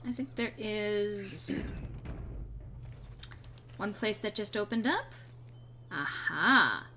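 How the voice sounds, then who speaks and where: A woman's voice: medium pitch, animated, drawn-out words, sharp tone, a little hiss or hum. A woman streaming a game, chatting casually with playful, rambling asides. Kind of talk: casual gameplay commentary.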